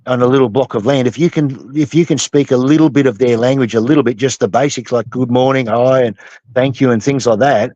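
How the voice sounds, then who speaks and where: A man in casual chat, agreeable and quick to chime in with advice. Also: medium pitch, a little mellow, dry recording, muffled recording.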